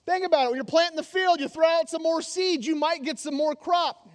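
High-voiced joking male pastor. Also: a little fast. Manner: animated, joking, emphatic. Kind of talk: sermon. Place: church sanctuary. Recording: long hall reverb.

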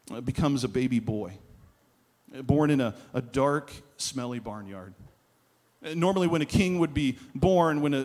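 A man preaching a sermon, telling stories and slowing down to stress key phrases. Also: fairly high pitch. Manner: storytelling, emphatic with slowed key phrases. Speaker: pastor.

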